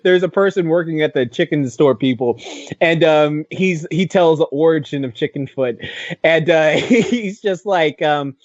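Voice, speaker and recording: A high-voiced young man, excitable and quick to laugh, chatting on a podcast. He jumps into little character voices as he retells scenes. The recording is dry and a touch muffled. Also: no echo. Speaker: podcast co-host. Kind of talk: casual podcast chat.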